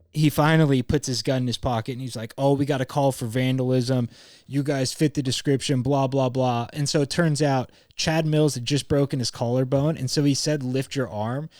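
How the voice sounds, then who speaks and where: A man's voice: mid-range voice, darkish tone, no echo, clean studio sound. A young man from California hosting a podcast, telling a long casual story full of swearing, "like" and acted-out quotes. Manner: rambling, profane, fond of "like" and quoting people mid-story. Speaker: podcast host.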